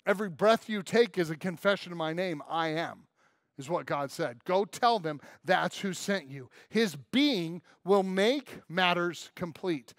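A man's voice: high voice, dry recording, clean studio sound. A man pastor preaching a conversational, humorous sermon with strong emphasis. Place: church.

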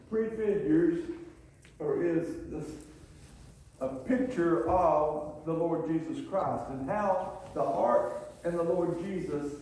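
A man's voice: a little high, warm tone. A man pastor giving a church sermon, telling folksy stories and laughing often. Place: church sanctuary. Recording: echoey church from far off.

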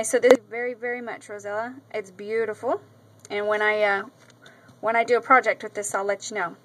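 A woman's voice: on the high side, a bit bright, poor audio. A woman vlogger chatting casually about craft mail she received, gushing often and filling her talk with ums and repeats. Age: adult with a daughter. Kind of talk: casual show-and-tell vlog. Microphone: camera mic.

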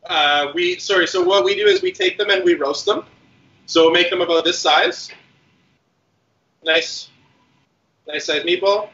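A man, a guest chef, explaining a recipe step by step in a relaxed way with many fillers. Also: sits high, measured pace, pauses often, lo-fi sound. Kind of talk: cooking demonstration.

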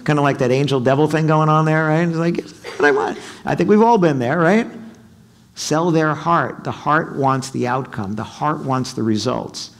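Lively male seminar speaker. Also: on the high side, normal speed. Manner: animated, asks the audience questions, acts out quotes. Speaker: keynote speaker. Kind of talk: sales seminar talk. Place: hotel conference room.

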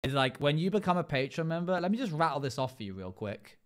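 Smooth-voiced male streamer rattling off lists. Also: a little high, very animated, fast. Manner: rattles off long lists with many fillers. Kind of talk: casual live-stream chat while gaming.

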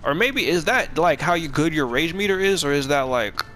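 A man's voice: fairly high pitch, lively intonation, moderate pace, fairly bright tone, a little hiss or hum. A man giving casual gameplay commentary, rambling along in profane, slangy, laid-back talk. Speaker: gamer streaming a playthrough.

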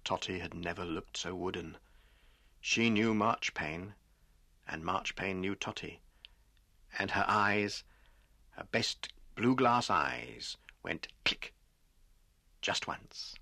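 A man narrating a children's story in a gentle storytelling manner, acting out the characters' lines. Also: deep voice, takes it slowly, pauses often, no room sound, clean studio sound.

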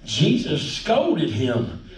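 Pastor guy preaching, high voice, kinda folksy, church room echo, mic far off. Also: drawn-out words. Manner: folksy, animated preaching with hallelujahs. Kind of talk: sermon. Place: church sanctuary. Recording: echoey church sanctuary, distant mic.

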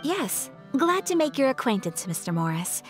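Woman doing a gracious young lady, formal, fairly high, lively, fan dub. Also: normal speed, faint music behind.

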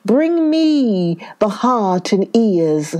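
A blustering storybook lion, sickly but fierce , as a woman narrator puts him on. He growls his words slowly in a dark, mellow tone, and his pitch swings widely. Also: big pitch swings. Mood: demanding.

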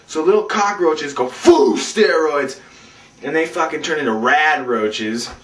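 A man recaps a video game in a rambling, profane, animated ramble, his voice a bit high and swinging widely. The room is echoey and he sits well away from the mic. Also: measured pace. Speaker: game reviewer. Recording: roomy, distant mic.

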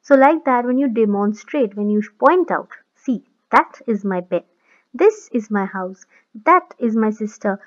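A woman's voice: on the high side, lively intonation, unhurried. A woman teaching a grammar lesson to children, patiently repeating points and asking if they follow. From India. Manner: patient, repeats points, asks checking questions. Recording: dull lo-fi sound.

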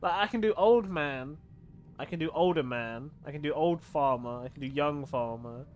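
A man's voice: on the high side, normal speed, muffled recording, a little hiss or hum. A man streaming a video game, chatting casually with viewers, swearing freely and laughing often. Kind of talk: casual gaming stream chat.

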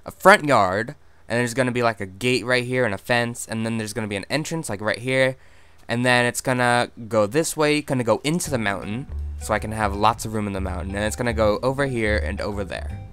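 Chatty male gameplay host, mid-pitched and easily excited, with soft music under him. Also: fairly quick, smooth, no echo. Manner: chatty, excitable, squeals high when startled. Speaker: gaming video host. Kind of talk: casual gameplay commentary.

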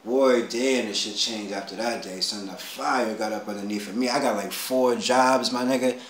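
A man telling a personal story in casual street slang, animated, dropping low and then rising to excited shouts. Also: moderate pace. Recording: roomy echo, faint background hum.

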